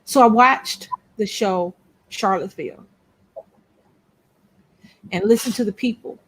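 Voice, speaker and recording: A blunt woman co-hosting a casual couples' YouTube show swears freely and repeats what she says for emphasis. She has a mid-range, slightly rough voice and keeps a measured pace.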